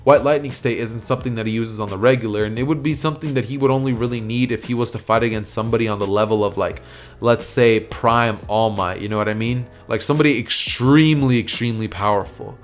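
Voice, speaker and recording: A man's voice: medium pitch, fast talker. A man narrating an anime fan story in a casual, rambling way with plenty of fillers. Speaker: YouTube storyteller. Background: soft music.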